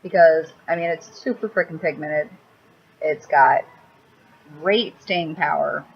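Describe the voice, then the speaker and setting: Cranky, foul-mouthed woman with a low voice. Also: slow pace, gravelly, slightly rough. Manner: blunt, crude, cranky, swears freely. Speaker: makeup vlogger. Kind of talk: rambling casual vlog. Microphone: laptop mic. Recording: slightly dull laptop audio with faint hiss.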